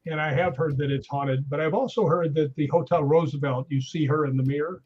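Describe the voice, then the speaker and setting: A middle-aged man, a stuntman guest, telling animated anecdotes in a casual conversation. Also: on the high side, fairly quick, a little hiss or hum. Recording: dull lo-fi sound.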